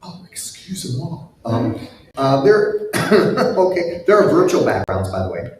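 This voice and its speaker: A man speaking on a live panel discussion, halting with many fillers and restarts. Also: on the high side, sing-song, darkish tone, slight background noise. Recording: echoey room heard from far off.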